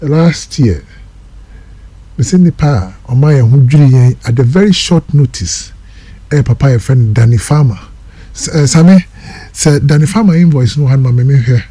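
A Ghanaian man hosting a call-in radio show with a dark, husky voice. He sounds dry and close to the studio microphone. He switches between Twi and English and repeats items and phone numbers as he appeals to listeners. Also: mid-range voice, normal speed, no room sound. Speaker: radio host.

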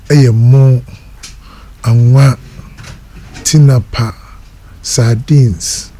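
A man's voice: medium pitch, mellow, breathy edge, dry recording. A Ghanaian man hosting a radio call-in show, making an appeal for donations. He switches between Twi and English and repeats lists of items and phone numbers. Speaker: radio host.

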